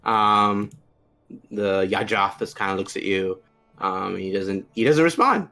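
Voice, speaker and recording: A man's voice: lowish voice, unhurried, vocal fry, sharp tone, faint music behind. A man narrating as game master in loose, casual speech full of filler words.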